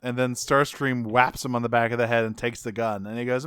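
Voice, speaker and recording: A man co-hosting a podcast, casually recapping a cartoon episode, animated, swearing and acting out quotes in jokey voices. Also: medium pitch, brisk, few pauses, smooth, no echo, studio quality. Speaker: podcast co-host.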